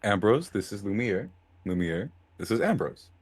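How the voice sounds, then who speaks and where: A man's voice: lowish voice, sing-song, moderate pace, husky, no echo. A man playing in a tabletop role-play, laid-back and a little hesitant. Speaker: player.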